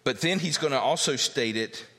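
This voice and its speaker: A pastor teaching a verse-by-verse sermon, emphatic and repetitive, reading scripture aloud. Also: male voice, medium pitch, lively intonation, normal speed, sharp tone. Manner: emphatic teaching, repeats key points, reads scripture aloud. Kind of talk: expository sermon. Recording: long reverb of a large hall.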